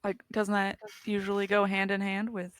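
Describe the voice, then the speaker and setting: A woman's voice: medium pitch, completely flat delivery, normal speed, dry recording. A woman playing a tabletop game, talking casually in character, giggling and hedging with "like" and "you know".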